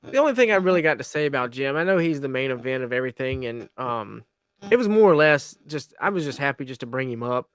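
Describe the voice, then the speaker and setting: Laid-back smooth-voiced podcast man. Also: medium pitch, expressive, quick pace. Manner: laid-back, agreeable, hesitant with restarts. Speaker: podcast co-host. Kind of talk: casual podcast chat.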